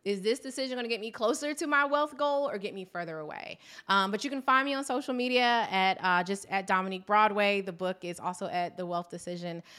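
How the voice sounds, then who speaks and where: A woman's voice: mid-range voice, a little fast, hardly any pauses, fairly bright tone, clean tone. A woman who runs her own business, a guest in a podcast interview, talking earnestly and often repeating words and laughing. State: tearful, emotional. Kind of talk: casual interview conversation.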